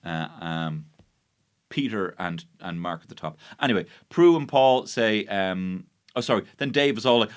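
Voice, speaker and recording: A man's voice: lowish voice, expressive, moderate pace, smooth. A man with an Irish accent hosting a podcast, recapping a baking show in a sarcastic, sweary, mock-outraged monologue. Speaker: podcast host. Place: podcast studio.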